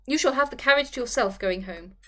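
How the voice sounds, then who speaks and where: A woman voicing Bertie, a lackadaisical, good-natured young gentleman who speaks hesitantly. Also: on the high side, lively intonation, fairly quick. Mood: resigned. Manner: lackadaisical, imploring.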